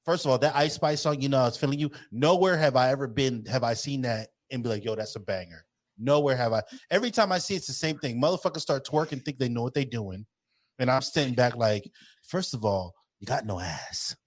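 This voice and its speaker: A man co-hosting a podcast, ranting in profane, animated casual banter. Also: mid-range voice, fast talker. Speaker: podcast co-host.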